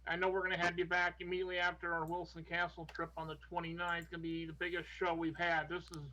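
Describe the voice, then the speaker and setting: A man with a high, bright voice hosts a podcast over a video call. He talks eagerly and effusively, often saying things twice in his excitement. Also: fast talker, low-quality recording. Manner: eager, effusive, repeats himself. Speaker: podcast host. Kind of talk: casual chat on a live video call.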